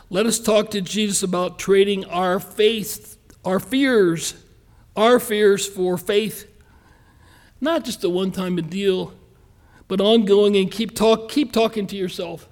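Pastor, man, high voice, folksy earnest sermon, slows for emphasis. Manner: folksy, earnest preaching with quick asides and slow emphatic stresses.

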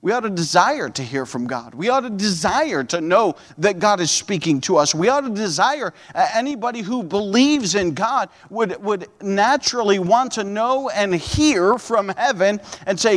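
A man's voice: sits high, lively intonation, measured pace, big-room sound. A man preaching a sermon as pastor, earnest and fervent, often repeating and restarting his words.

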